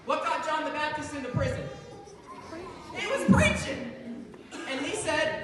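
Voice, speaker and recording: A man's voice: extremely high pitch, measured pace, long pauses. A young man giving a playful, laughter-filled youth devotion to children. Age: young adult. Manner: animated, playful, laughing often. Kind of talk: comic youth sermon. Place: indoor hall with children. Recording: echoey hall from far off. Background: children's audience and room noise.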